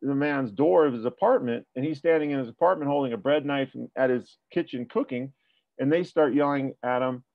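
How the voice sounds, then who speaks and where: A man's voice: mid-range voice, a little fast, creaky, no echo, lo-fi sound. A man working as a police tactics trainer, talking through a debrief and asking rhetorical questions. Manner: explanatory, asks rhetorical questions.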